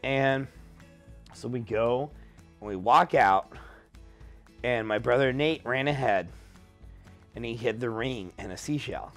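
Drunk man in his thirties, slow, meandering storyteller who keeps losing the plot, faint music behind. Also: medium pitch. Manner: rambling, loses his thread and corrects himself.

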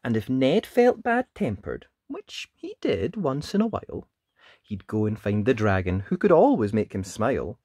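A man reading a rhyming picture book aloud, in a lively sing-song storytelling manner. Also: mid-range voice, normal speed, breathy edge, dry recording, clean studio sound. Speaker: storybook reader.

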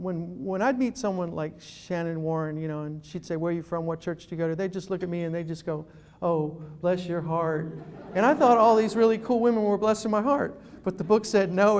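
High-voiced New man telling stories. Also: a little hiss or hum. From New York City. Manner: animated storytelling, self-deprecating. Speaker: guest speaker. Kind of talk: humorous public talk. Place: event room.

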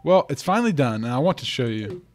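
A man's voice: medium pitch, sing-song, fast, background noise, natural voice. A man voicing an eager, earnest young woman inventor, reading game dialogue aloud in a slightly raised tone.

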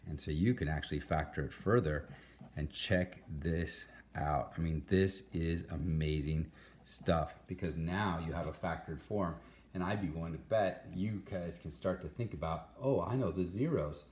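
A man's voice: rumbling low, normal speed, darkish tone. A male math teacher giving an upbeat, encouraging recorded lesson, talking straight to his students.

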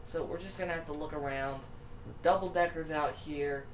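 Excitable young male racing gamer. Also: a little high, fairly quick. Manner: excitable, exclaiming at crashes. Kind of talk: racing game commentary. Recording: echoey room, faint noise.

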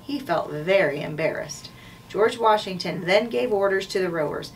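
A woman reads a children's chapter book aloud at a steady, clear pace, now and then correcting herself. She sounds set back from the microphone, with faint background noise. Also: medium pitch, normal speed. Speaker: school administrator. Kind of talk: reading a storybook aloud. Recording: distant mic, faint noise.

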